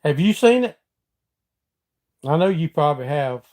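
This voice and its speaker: A middle-aged man from Georgia, Southern accent and all, hosts a casual live stream with a folksy, chatty manner, reading out and answering viewer comments. His voice is on the high side and a little mellow, with lively intonation and a slightly slow pace.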